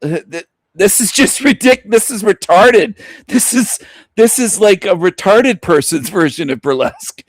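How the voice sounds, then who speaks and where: A male reviewer mocks a video he is watching in a crude, incredulous tone, laughter breaking through his words again and again. His voice sits somewhat high for a man. The recording is dry and close, with no room sound. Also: lively intonation, a little slow, no echo. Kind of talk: mocking reaction commentary.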